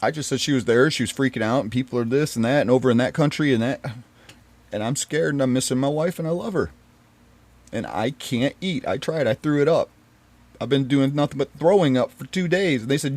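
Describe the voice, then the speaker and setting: A man with a mid-range voice talks fairly quickly about his marriage, a painful story told in an earnest, wandering way with restarts and repetitions. He sounds pained and often drops quiet; the recording is dry.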